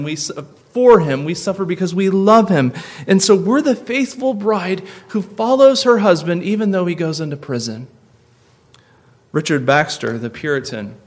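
Male pastor, sermon delivery, earnest, soft and slow in places, loud and emphatic at peaks. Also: fairly high pitch. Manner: earnest preaching, rising to emphatic and loud at climaxes; drops soft and slow for tender points.

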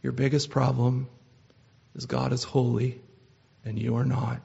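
A man's voice: medium pitch, flat delivery, vocal fry, warm tone, breathy edge. Earnest male preacher. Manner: measured, earnest delivery with frequent "uh" restarts. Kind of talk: sermon. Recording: slightly dull lo-fi sound.

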